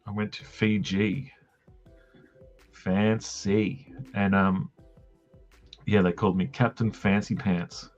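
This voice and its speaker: A man's voice: on the low side, flat delivery, slow, long pauses, darkish tone, soft background music. An Australian man hosting a drawing livestream, chatting casually in a joking, meandering way with lots of ums and tangents. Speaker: livestream host drawing comics. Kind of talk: casual rambling chat while drawing. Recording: dull lo-fi livestream audio.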